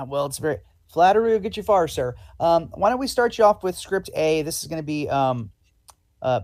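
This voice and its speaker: A man's voice: a little high, lively intonation, normal speed, a little mellow. A man hosting a live improv show and playing a polite, hesitant casting director. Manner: polite, hesitant with many ums.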